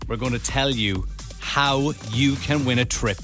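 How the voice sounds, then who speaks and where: An Irish man hosting a radio show, running the segments in brisk, upbeat presenter patter. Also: medium pitch, a bit bright, faint music behind.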